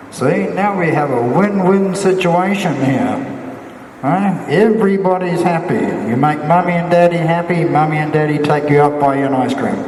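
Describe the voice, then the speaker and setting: Male monk, slow and coaxing with kids, distant mic in a long-reverb temple hall. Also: on the high side, a little mellow, slight background noise. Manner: coaxing, questioning tone with frequent "huh?"; speaks simply as if to small children. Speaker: Buddhist monk. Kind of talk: Dharma talk for children.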